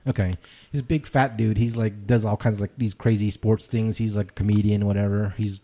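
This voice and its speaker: Laid-back man with a dark voice. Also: lowish voice, little pitch movement, fairly quick. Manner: profane, rambling storyteller who laughs often. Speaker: podcast co-host. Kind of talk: casual chat.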